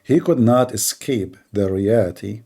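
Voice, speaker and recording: A man's voice: lowish voice, unhurried, gravelly, dark tone. A man hosting a live online debate, arguing in a sarcastic, combative way. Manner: sarcastic, argumentative. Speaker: debate host.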